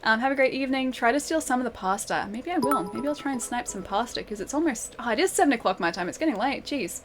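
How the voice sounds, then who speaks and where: A woman's voice: on the high side, lively intonation, fast, over music. A young woman game streamer in casual live-stream chat, giggling often as she reads and answers her viewers' messages.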